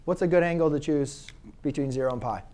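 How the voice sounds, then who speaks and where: A man's voice: on the high side, fast, warm tone, slight background noise. Man teaching a math class. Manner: conversational, asks students questions, self-correcting. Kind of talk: classroom lecture.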